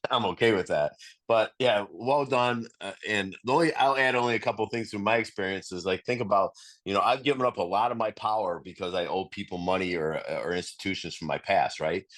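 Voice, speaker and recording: A man's voice: on the low side, a little fast, a bit bright. A man co-presenting a recovery talk, speaking earnestly and repeating words as he gathers his thoughts.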